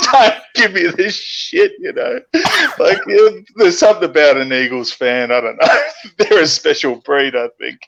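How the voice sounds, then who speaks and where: A man's voice: fairly high pitch, huge pitch swings, unhurried, creaky, a bit bright. A man hosting a casual chat, easygoing and laughing often. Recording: dull lo-fi audio.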